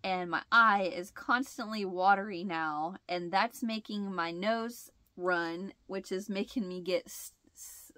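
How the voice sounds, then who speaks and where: Woman, chatty vlog host, stuffed-up nasal sound, bright tone, dry close sound, rambling, laughs often. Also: medium pitch, unhurried, few pauses, dry recording. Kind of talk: casual chat.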